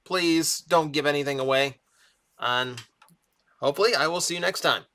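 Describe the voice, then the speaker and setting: A young man reviews a cartoon in an eager, rambling way, his voice slightly raised and bright. It sounds a little strained from a long stretch of talking. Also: a little high, moderate pace. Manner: enthusiastic, rambling with fillers. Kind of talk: casual review commentary.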